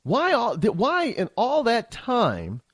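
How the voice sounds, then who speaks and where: High, lively-voiced male political host. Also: slow, no echo. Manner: heated, opinionated, rambling with frequent restarts. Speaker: talk show host. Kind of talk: political commentary monologue.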